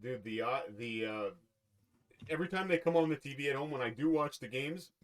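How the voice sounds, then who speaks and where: A man's voice: mid-range voice, a little fast. A man hosting a podcast in casual chat, rambling and joking as he loses his train of thought. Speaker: podcast host.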